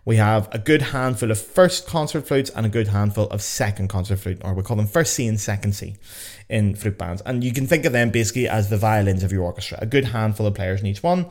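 A young man with a Belfast accent talks through his topic like a podcast host, slipping in jokes and casual swearing. His voice sits a little low and stays conversational throughout. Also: brisk, darkish tone. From Northern Ireland. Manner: chatty, sweary and joking. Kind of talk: casual educational podcast talk. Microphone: podcast mic.

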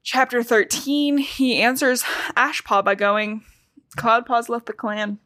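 A young woman hosting a podcast, recapping a book in casual chat, talking fast with lots of "like". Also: fairly high pitch, steady tone, fairly bright tone, dry recording. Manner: chatty, fast, frequent "like" and laughs. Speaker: podcast host.

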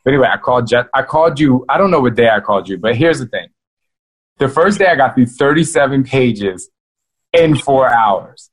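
A man, an author and guest, telling a casual, animated story and speaking straight to his listeners. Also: mid-range voice, a little fast, slightly rough, poor audio. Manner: animated, addresses listeners as "y'all".

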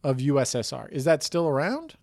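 Male podcast co-host, playful and prodding, slightly high voice, dry close mic. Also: big pitch swings, brisk, vocal fry, darkish tone, no room sound. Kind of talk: casual comedic podcast banter.

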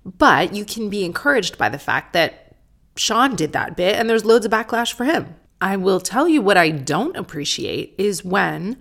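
Creaky-voiced woman hosting a candid podcast. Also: fairly low pitch, a bit bright. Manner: candid, sweary, sardonic. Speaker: podcast host. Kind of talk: casual solo podcast talk.

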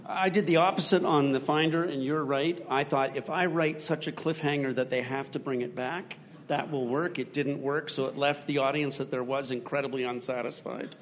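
A man's voice: medium pitch, fairly even intonation, normal speed. A man speaking candidly on a panel as a TV show creator, wry and hesitant. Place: live festival panel in a large hall. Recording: reverberant hall.

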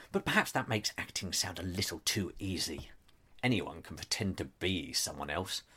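A man's voice: low-pitched, a bit bright. A man delivering a scripted comic monologue as a pompous, self-important actor, with dry asides. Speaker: comedic narrator playing a pompous actor.

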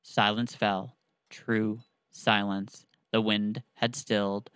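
A man's voice: fairly low pitch, little pitch movement, slow pace, fairly bright tone, clear, resonant tone, dry recording, rough recording. A man casually retelling a story with many fillers and restarts, then reading passages aloud. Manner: rambling, filler-heavy.

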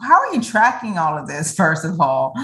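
Lively woman host in an echoey room. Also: sits low, normal speed. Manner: encouraging, asks long layered questions. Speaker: podcast host. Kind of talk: interview questions.

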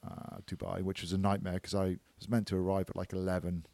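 A man's voice: sits low, monotone, quick pace, gravelly, dark tone, no room sound. A man, chatting on a podcast, teasing and grumbling. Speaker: podcast co-host. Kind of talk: casual chat.

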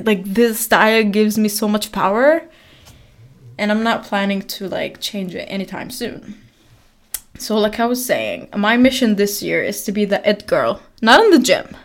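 A woman's voice: medium pitch, expressive, normal speed. Chatty young woman podcaster. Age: 20s. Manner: chatty, laughing, rambling with fillers. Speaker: podcast host. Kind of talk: casual chat.

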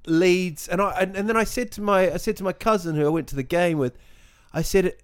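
A man's voice: high voice, a little fast, smooth. A man in a casual football chat, talking in a rambling way with many restarts.

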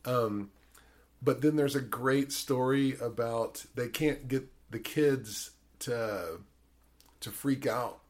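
A man's voice: medium pitch, slow. Rambling, swearing male podcast host. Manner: rambling, swears a lot, many fillers. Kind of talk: casual chat.

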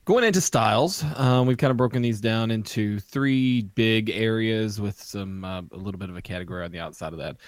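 A man's voice: fairly low pitch, a little fast, hardly any pauses, dry recording. A man co-hosting a casual podcast, walking through beer styles with frequent ums and restarts. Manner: hesitant, many ums and restarts. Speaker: podcast co-host.

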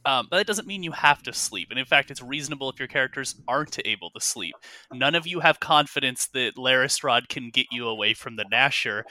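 A man's voice: medium pitch, bright, forceful tone, dry recording. Rambling man narrating as game master. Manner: rambling, many fillers and restarts.

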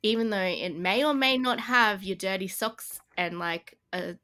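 A woman's voice: medium pitch, unhurried, pushed and bright. A woman co-hosting a casual tabletop-game podcast, rambling and laughing often. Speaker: podcast co-host. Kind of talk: casual chat.

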